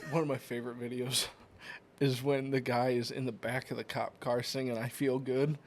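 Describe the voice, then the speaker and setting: A man co-hosting a casual podcast, tossing in jokes and quick asides. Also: medium pitch, level tone, a little hiss or hum. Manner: joking, quick interjections. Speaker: podcast co-host. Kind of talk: casual chat.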